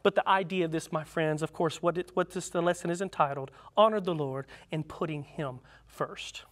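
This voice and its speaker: A man's voice: on the high side, moderate pace, fairly bright tone. A man on a Bible study panel, reading verses earnestly with frequent repeats.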